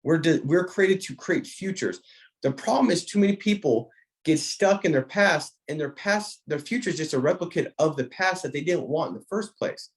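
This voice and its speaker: A man's voice: a little high, animated, moderate pace. Emphatic, preacher-like motivational man. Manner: emphatic preacher-like cadence with repeated phrases; frequent restarts, speaks directly to a listener by name. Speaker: insurance sales trainer. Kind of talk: motivational talk.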